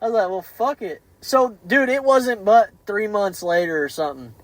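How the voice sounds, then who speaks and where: A man hosting a podcast, telling stories in an animated, profane way with many restarts. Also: sits high, moderate pace, no room sound, rough recording. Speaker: podcast host. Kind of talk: casual podcast chat.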